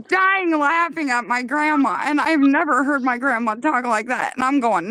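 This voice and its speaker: A woman co-hosting a casual chat on a remote call, telling a family story with animated asides. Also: high voice, normal speed, hardly any pauses, no echo. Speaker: co-host. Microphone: remote call mic.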